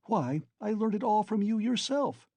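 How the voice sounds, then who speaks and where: A man's voice: high voice, lively intonation, moderate pace, darkish tone, dry recording, voice pushed up. A man putting on a sly, chatty police investigator. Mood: chiding. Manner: chatty, fussy and insinuating. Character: sly, genial middle-aged male police investigator. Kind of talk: audiobook character reading.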